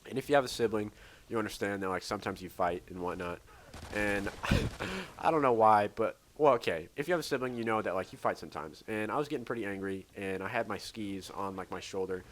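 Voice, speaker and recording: A man's voice: on the low side, quick pace, slight background noise. A man casually telling a rambling story over gameplay, full of "like" fillers and restarts. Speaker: gaming channel host.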